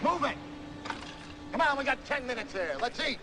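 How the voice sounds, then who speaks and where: An actor playing a crude prison guard barking orders in a film scene. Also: male voice, very high voice, animated, normal speed. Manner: shouted orders. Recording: echoey, distant, noisy film audio.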